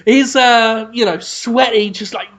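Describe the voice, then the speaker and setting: A podcast host spinning an absurd comic movie pitch in a rambling, deadpan way, full of fillers and restarts. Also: unhurried. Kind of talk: absurd comedic storytelling.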